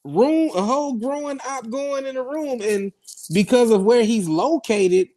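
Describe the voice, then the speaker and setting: A man's voice: extremely high pitch, a little slow, warm tone. A man with a Milwaukee accent on a casual radio talk show, laid-back and profane, explaining with examples.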